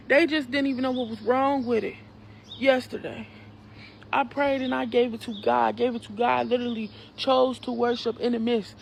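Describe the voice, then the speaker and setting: A woman's voice: fairly high pitch, creaky, slight background noise. A young woman, giving an earnest, emphatic personal testimony in a conversational preaching way. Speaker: nursing student sharing a testimony.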